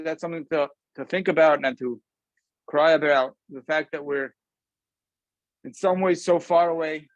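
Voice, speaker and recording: A man's voice: a little high, no room sound, lo-fi sound. Man giving a dry, casual Torah talk. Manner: conversational, often pausing with ums. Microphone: video call camera.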